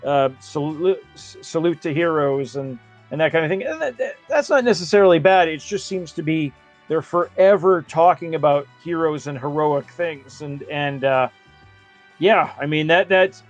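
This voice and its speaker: A man's voice: fairly high pitch, animated, normal speed, faint music behind. A man co-hosting a film podcast in casual chat, thoughtful and agreeable as he builds his points. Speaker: podcast co-host.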